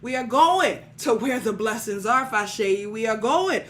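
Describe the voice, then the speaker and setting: A woman's voice: on the high side, expressive, measured pace, fairly bright tone, a little hiss or hum. Woman preaching with rhythmic call-and-response. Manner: preacherly call-and-response, calling out listeners by name; rhythmic repetition of phrases. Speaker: spiritual teacher leading weekly prayer. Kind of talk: livestream sermon-style teaching.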